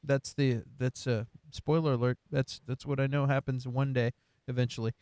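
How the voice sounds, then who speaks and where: A man's voice: mid-range voice, little pitch movement, moderate pace, darkish tone, clean tone, dry recording, clean studio sound. A man co-hosting a casual pop-culture chat, rambling with many fillers and frequent laughs. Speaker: podcast co-host.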